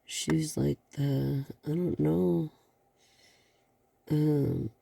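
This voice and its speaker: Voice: mid-range voice, steady tone, drawn-out words, gravelly, warm tone, husky, no echo. A tarot reader giving a card reading to a viewer, rambling along with many fillers and sighs.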